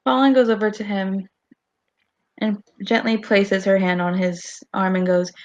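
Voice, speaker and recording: A woman's voice: mid-range voice, flat delivery, measured pace, highs cut off. A woman player casually describing her character's actions in a tabletop game.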